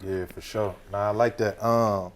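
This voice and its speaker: A man's voice: lowish voice, fairly even intonation, unhurried, slight background noise. A man hosting an interview, asking loose, rambling questions full of fillers. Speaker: interview host.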